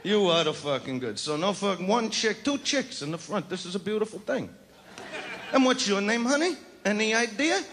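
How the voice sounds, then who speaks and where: A man's voice: high-pitched, sing-song, normal speed, noisy background. A man doing a crude, swaggering stand-up routine, taunting people in the front row of a large theater. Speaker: stand-up comedian. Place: large theater with a live audience. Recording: 1989 concert recording with loud crowd.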